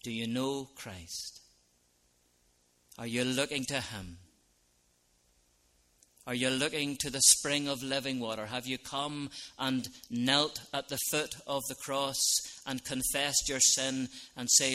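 A man preaching an evangelistic sermon as a minister, earnest, dropping to soft lines and rising to loud ones. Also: mid-range voice, steady tone, slow pace.

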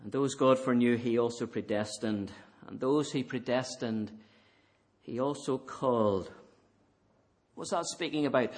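Slow, fervent preacher. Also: male voice, medium pitch. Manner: rises to fervent emphasis, then drops to quiet intensity. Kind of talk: sermon. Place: church.

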